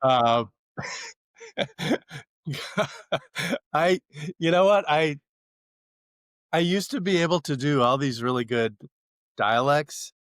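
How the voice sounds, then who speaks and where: A man's voice: fairly high pitch, slow, pauses often, smooth, no room sound, clean studio sound. A man in his sixties co-hosting a casual podcast chat, wry and self-deprecating. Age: 60s. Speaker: podcast co-host.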